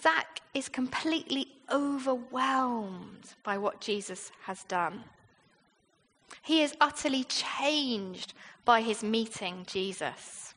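A British woman with a high, light voice gives a sermon in a chatty, down-to-earth way, turning to the congregation with rhetorical questions. Her voice rings out with a long reverb, as in a large church hall. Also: animated, slow pace, fairly bright tone. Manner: conversational, with frequent rhetorical questions. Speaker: preacher.

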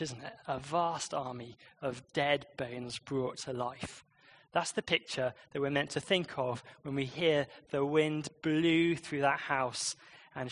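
Male preacher, bright and somewhat high voice, conversational sermon with lively shifts in loudness. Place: church.

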